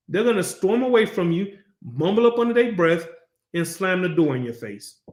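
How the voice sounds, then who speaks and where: A man's voice: high voice, sing-song, normal speed, darkish tone. A man teaching a scripture class in a blunt, profane way, often checking that listeners follow with "you understand?". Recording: echoey room.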